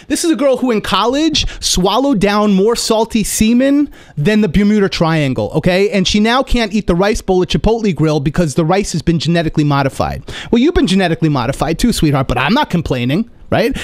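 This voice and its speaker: A man riffs through a sarcastic comic monologue, rambling and cutting himself off mid-thought. His voice sits a little high for a man, and the recording is close and dry with no room sound. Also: no room sound. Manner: rambling, sarcastic, self-interrupting. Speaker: podcast host.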